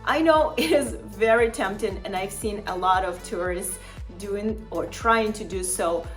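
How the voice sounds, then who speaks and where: A woman's voice: medium pitch, unhurried, soft background music. A woman travel vlogger giving friendly tips straight to her viewers, chatty and encouraging with frequent little laughs. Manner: chatty and encouraging, addresses viewers as "fabulous people", laughs often. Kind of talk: upbeat tips vlog to camera.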